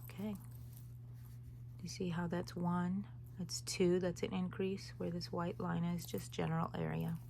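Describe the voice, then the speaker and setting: A woman's voice: fairly low pitch, little pitch movement, unhurried, creaky, warm tone, slight background noise. A woman hosting a crochet tutorial, talking viewers through each stitch in a casual, rambling way with chatty asides. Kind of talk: casual step-by-step tutorial chat.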